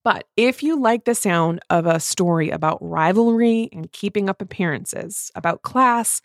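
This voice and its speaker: A woman chatting casually about a book she reviews, animated and laughing often. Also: mid-range voice, normal speed, no echo, studio quality. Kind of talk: casual chat.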